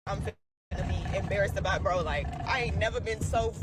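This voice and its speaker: A woman's voice: medium pitch, moderate pace, music in the background. A woman ranting bluntly and profanely in a casual vlog, exasperated.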